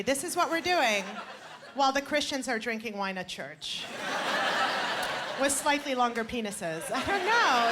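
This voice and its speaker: High, animated woman comic on stage. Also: heavy background noise. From Canada. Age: 20s. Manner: animated, punchy, self-mocking. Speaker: stand-up comic. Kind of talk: stand-up comedy. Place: comedy club stage. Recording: stage mic with roaring audience. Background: loud audience laughter.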